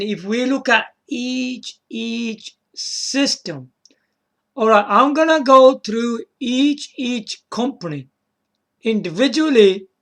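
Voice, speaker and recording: A video game vlogger with a high, fairly bright voice talks casually through a solo video. He rambles, repeats words, checks in with the viewer, chuckles to himself and apologizes.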